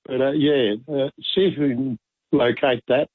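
A hesitant man calls in to a radio show, pausing often. His voice is dry and close over a tinny phone line. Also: mid-range voice, steady tone, breathy edge, dry recording. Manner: hesitant, full of uhs. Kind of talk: casual call-in chat.

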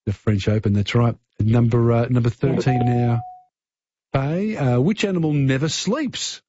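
A man's voice: mid-range voice, a little slow, mellow, husky, no echo, lo-fi sound. A man hosting a radio talkback quiz, chatty and encouraging, giving callers hints.

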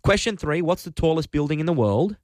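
A man hosts a live talk-radio quiz. He is upbeat and brisk, and his voice sits a little high for a man. The studio sound is close and dry. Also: animated, darkish tone, no echo. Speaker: radio host. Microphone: studio microphone.

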